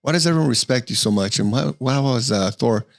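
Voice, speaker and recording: A man's voice: mid-range voice, quick pace, gravelly. A man hosting a casual podcast interview who asks eager questions in slangy speech. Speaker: podcast host.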